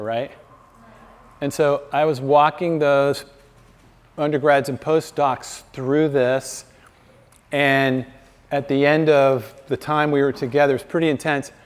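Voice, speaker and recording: Male speaker, mid-pitched, conversational faith talk with acted-out quotes; long hall reverb. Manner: conversational storyteller, acts out quoted dialogue. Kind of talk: faith-based talk to a live audience.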